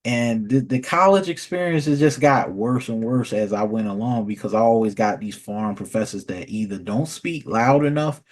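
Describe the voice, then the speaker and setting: A man's voice: medium pitch, normal speed, hardly any pauses. A man ranting casually in a vlog, rambling and profane, often restarting and repeating words. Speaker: vlogger. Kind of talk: casual storytelling rant.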